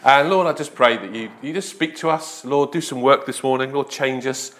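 A man's voice: mid-range voice, moderate pace, fairly bright tone. A man preaching a conversational sermon after an opening prayer, informal and repeating himself often. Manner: informal, repeats "Lord" and "just", restarts.

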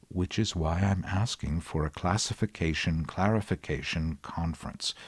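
A man in his sixties, from the United States, hosting his podcast with dry, wry, measured commentary. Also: low voice, darkish tone, husky, no echo. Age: 60s. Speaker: podcast host. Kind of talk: scripted commentary.

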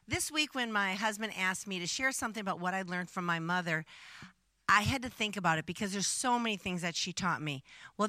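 A woman's voice: mid-range voice, sharp tone, no echo. An older woman, a grandmother and the pastor's wife, giving an earnest, reflective personal testimony.

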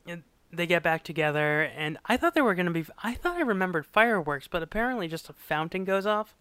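A fast-talking man with a high-pitched, clear, resonant voice co-hosts a casual podcast, recorded with no room sound. He tells the story of a sitcom episode animatedly, performing quotes and laughing often.

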